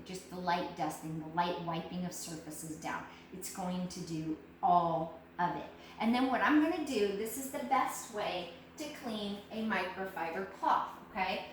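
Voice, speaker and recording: A woman giving an emphatic, animated cleaning product demonstration at a home kitchen sink, talking straight to her audience. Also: lowish voice. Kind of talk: live cleaning product demo. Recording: echoey room, distant mic, faint noise.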